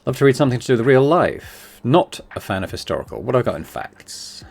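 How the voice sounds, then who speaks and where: A man hosting a relaxed gameplay video, muttering to himself as he decides. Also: mid-range voice, fairly quick, creaky. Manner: laid-back, muttering to himself while deciding. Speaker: gaming channel host.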